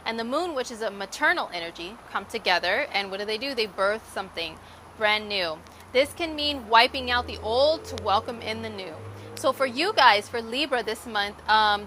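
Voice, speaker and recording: Chatty, bright-voiced woman astrologer. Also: on the high side, a little hiss or hum. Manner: chatty and candid, lots of "like" and "um". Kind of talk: casual horoscope reading.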